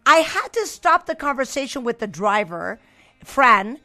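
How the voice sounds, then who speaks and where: A woman with a Mexican accent hosting a radio interview, lively and jokey, switching languages. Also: fairly high pitch, a little slow. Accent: Mexican Spanish. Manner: lively, jokey, switches between English and Spanish. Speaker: radio host. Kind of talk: casual interview chat.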